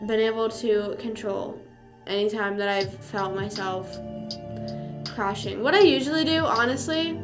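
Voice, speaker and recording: A young woman streamer chatting casually, rambling with lots of fillers and swearing. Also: a little high. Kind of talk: casual livestream chat. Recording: music playing behind.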